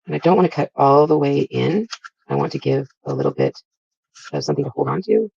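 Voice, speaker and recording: A woman's voice: low-pitched, huge pitch swings, a little fast, vocal fry, dark tone, breathy edge, no room sound, dull audio. A woman vlogger chatting casually as she walks through a crafting project step by step, with frequent fillers.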